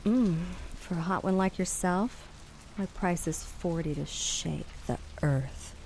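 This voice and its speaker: A flirtatious streetwalker from a video game, her voice fairly low and purring. She teases slowly, with faint rain noise in the background. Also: a little mellow. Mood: seductive. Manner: sultry, purring, teasing. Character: flirtatious streetwalker soliciting at night.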